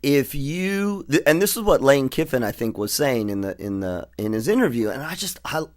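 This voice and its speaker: A man's voice: mid-range voice, very animated, moderate pace. A middle-aged man co-hosting a radio talk show, chatting casually and rambling with many restarts. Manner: rambling, restarts often, laughs easily. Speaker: radio co-host.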